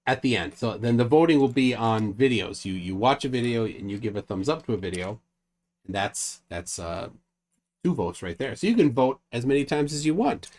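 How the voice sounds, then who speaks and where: A man's voice: medium pitch, darkish tone. Male host of a casual online stream, reads lists aloud, loose and rambling. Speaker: livestream host. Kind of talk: casual livestream chat.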